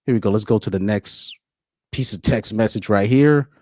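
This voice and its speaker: A man's voice: on the low side, normal speed, darkish tone, dry recording, studio quality. A man doing casual live-stream commentary, rambling and repeating words, often breaking into laughs.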